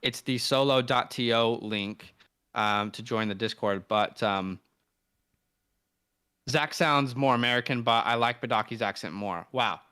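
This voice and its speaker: A man's voice: medium pitch, a little slow, bright, forceful tone, clean tone. A young man co-hosting a fantasy football mock draft, joking loosely and hyping up viewers. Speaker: fantasy football podcast co-host. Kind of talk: casual live mock-draft chat. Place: indoors, living in Sydney.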